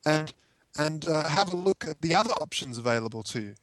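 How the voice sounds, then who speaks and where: A man's voice: on the high side, animated, fairly quick, a bit bright, no echo. A man co-hosting a casual commentary chat, arguing his point with rhetorical questions. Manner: argumentative, fires rhetorical questions. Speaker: co-host.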